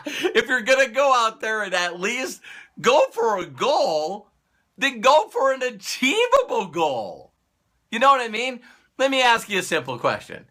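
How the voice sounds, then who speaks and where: A man's voice: high voice, very animated, normal speed, sharp tone. A man giving a motivational talk who acts out little dialogues and laughs at his own jokes. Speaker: motivational speaker.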